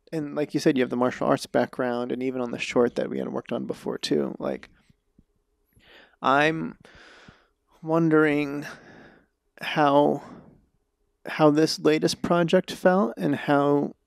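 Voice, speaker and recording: A man's voice: on the high side, steady tone, measured pace, vocal fry, long pauses, no room sound, studio quality. A man hosting a podcast, a script supervisor explaining his craft in casual conversation, thoughtful and at length.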